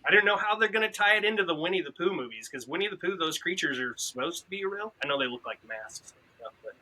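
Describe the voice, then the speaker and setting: Bright-voiced man telling stories casually. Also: sits high, fast talker. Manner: animated storyteller who quotes others. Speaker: podcast participant. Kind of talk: casual chat.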